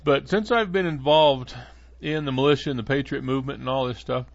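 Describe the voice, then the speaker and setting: A man's voice: medium pitch, a little fast, vocal fry, no room sound. A man hosting a podcast in a casual monologue, rambling along with many fillers and restarts. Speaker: podcast host. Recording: dull lo-fi dry sound.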